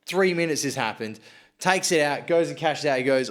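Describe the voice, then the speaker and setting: A man's voice: medium pitch, lively intonation, fairly quick. A young Australian man hosting a podcast, telling a story in casual chat, swearing freely and acting out what people said. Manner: swears freely, acts out quotes. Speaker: podcast host.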